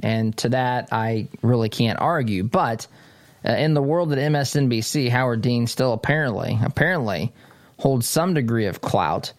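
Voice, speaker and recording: A man hosting a political talk show at his desk, his voice sitting at an ordinary middle pitch. He rambles conversationally, doubling back and restarting his sentences. The sound is close and dry, with no room echo. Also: expressive, normal speed. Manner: conversational and digressive, with frequent restarts. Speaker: host of a political commentary show. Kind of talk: casual political commentary. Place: studio desk.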